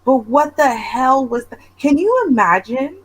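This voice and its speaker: Husky woman reacting in disbelief. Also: high voice, lively intonation, measured pace, rough recording. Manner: emphatic, incredulous commentary. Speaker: show host. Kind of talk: casual reaction chat.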